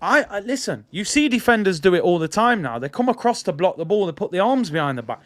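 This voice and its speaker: Young man, raised pitch, live match watch-along host, insistent and repetitive. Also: fast talker. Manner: animated, repeats himself, argues with chat. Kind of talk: casual live match commentary.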